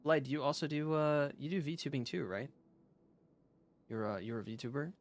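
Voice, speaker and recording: A man's voice: on the high side, normal speed. A young man streaming a game live, chatting casually with lots of fillers and restarts.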